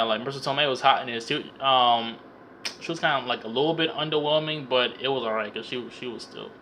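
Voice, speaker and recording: A man's voice: medium pitch, bright, forceful tone, slight background noise. A young man recapping a film for his vlog in a rambling, profane way, stammering and repeating words as he goes. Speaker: vlogger reviewing a film. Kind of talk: casual profane comedic movie recap.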